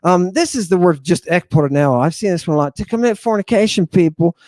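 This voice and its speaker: A man teaching an online lesson in an excitable, emphatic way, repeating phrases and swinging between loud outbursts and hushed asides. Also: high-pitched, brisk, no room sound. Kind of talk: animated online lecture.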